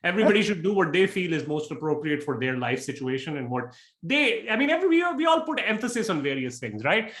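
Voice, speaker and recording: A man giving frank, blunt interview answers as a real estate investor, talking in quick bursts. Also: a little high, very animated, a bit bright. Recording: echoey room.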